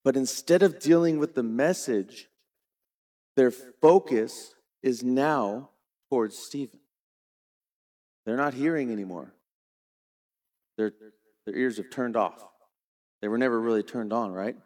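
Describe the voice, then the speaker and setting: A middle-aged man preaching a sermon, retelling a scripture story dramatically and shifting between quiet and loud. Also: mid-range voice, a little slow, long pauses. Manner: dramatic storytelling preacher, varies volume widely. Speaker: pastor.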